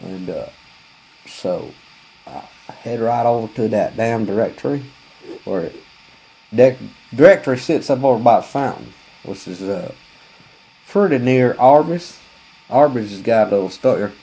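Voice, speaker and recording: A man's voice: mid-range voice, lively intonation, a little slow, creaky, long pauses, warm tone, breathy edge, low-quality recording. A man, telling a rambling, folksy, profane comic story full of fillers.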